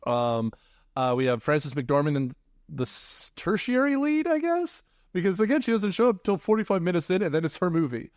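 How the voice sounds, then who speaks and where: A man's voice: sits high, very animated, normal speed, no room sound. A man hosts a casual movie podcast with a slightly raised voice. He rambles, hesitates and laughs along the way. The sound is dry and close, with no room around it. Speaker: podcast host.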